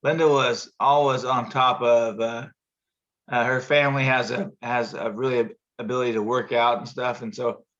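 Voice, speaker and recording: A man with a bright, forceful voice tells a long, rambling story in casual chat. He acts out the people in it with sudden high jumps in his voice. The audio sounds slightly dull and muffled, as over a video call. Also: fairly even intonation, normal speed. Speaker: show host telling a story.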